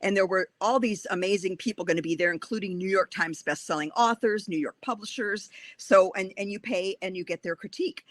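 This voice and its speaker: A woman talking in a close, dry sound with no room around her. She tells her story with animated energy and quick asides, her voice at a medium pitch. She sounds like an author guest chatting on an interview. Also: no room sound. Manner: animated, breathless anecdote-telling with laughter.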